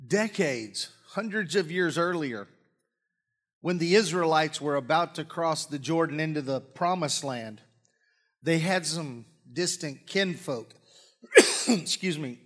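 A man preaching a sermon in a church, folksy and joking, often clearing his throat. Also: on the high side, a bit bright. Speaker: pastor. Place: church sanctuary with congregation. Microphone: live-streamed stage mic.

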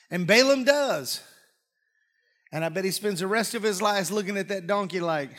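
A man preaching a sermon in a church, folksy and joking, often clearing his throat. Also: high-pitched, normal speed, a bit bright. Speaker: pastor. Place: church sanctuary with congregation. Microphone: live-streamed stage mic.

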